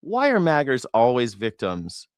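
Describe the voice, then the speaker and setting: A man's voice: huge pitch swings, a little slow, clean tone, no room sound. A man hosting a political news reaction show, sarcastic and profane, mocking his targets. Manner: sarcastic, profane, mocking, swings into falsetto parody. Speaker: host.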